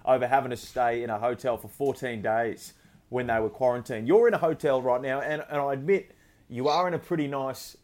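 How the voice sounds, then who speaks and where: A man's voice: mid-range voice, fairly even intonation, a little fast, darkish tone. A man, co-hosting a podcast and asking a guest friendly follow-up questions. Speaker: podcast co-host. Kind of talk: casual chat.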